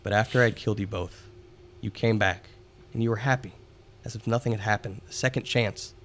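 A man's voice: lowish voice, fairly even intonation, a little fast, fairly bright tone. A man reading as a guilt-stricken teenage ghost girl. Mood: remorseful. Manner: pleading, sobbing confession read aloud.

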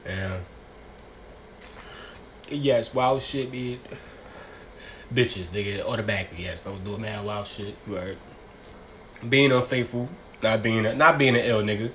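A man's voice: lowish voice, measured pace, pauses often, a bit bright, slight background noise. A young man hosting a casual solo podcast, talking in a profane, rambling, slang-heavy way. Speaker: podcast host.

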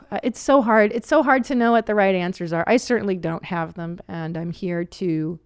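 A woman's voice: mid-range voice, normal speed, clear, resonant tone, no room sound. A woman in her forties hosting a podcast in casual chat, frank and chatty and often laughing. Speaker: podcast host.

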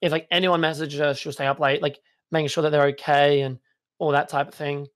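Rich: A young man chatting as a guest, laid-back and full of fillers. His voice sits a little high for a man. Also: little pitch movement, brisk. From Australia. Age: young adult. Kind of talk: casual chat.

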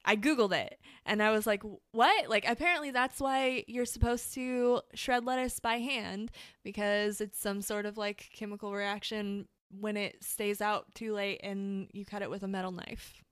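A woman talks casually as a podcast co-host, filling her sentences with "like" and "um." Her voice is smooth and clear, recorded close and dry, with no room sound. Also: medium pitch, steady tone, moderate pace, fairly bright tone, dry recording. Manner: chatty, fillers, many "like"s. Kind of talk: casual chat.

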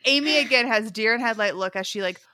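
With a slightly high voice and a quick pace, a woman co-hosts a podcast in clean studio sound with no echo. She tells a story in casual chat, animatedly acting out what people said and laughing often.

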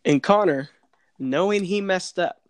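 Young dude telling a story, laughs a lot, does little voices, dry mic. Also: male voice, high voice, measured pace, no room sound. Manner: animated, laughing, acts out voices in his stories. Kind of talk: casual storytelling chat.

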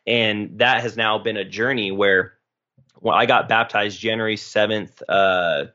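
Man, late twenties, podcast guest, earnest, emotional, self-correcting, low voice, dull lo-fi recording. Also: steady tone, measured pace, bright, forceful tone. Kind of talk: personal story in a podcast interview.

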